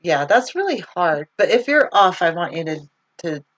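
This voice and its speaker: A woman's voice: fairly low pitch, big pitch swings, normal speed, fairly bright tone. Chatty woman rambling on a muffled call. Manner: chatty and rambling, laughs often. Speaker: livestream host. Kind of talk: casual live chat, reading viewer comments aloud. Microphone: video call. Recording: slightly muffled video call audio.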